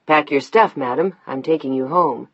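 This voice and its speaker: A woman reading an audiobook, voicing a tender, lovestruck grown man in a softly urgent, emotional way. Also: deep voice, moderate pace, breathy edge, dry recording, muffled recording. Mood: teasing.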